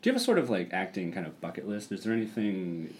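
A young man with a deep, animated voice hosts a casual chat, asking questions in halting bits. There is faint noise behind him. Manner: hesitant questions, lots of yeahs, repeats words. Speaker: host.

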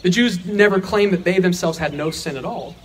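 A man's voice: high-pitched, brisk, slight background noise. A man teaching a verse-by-verse sermon, earnest and emphatic, asking rhetorical questions and answering them himself. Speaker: Bible teacher.

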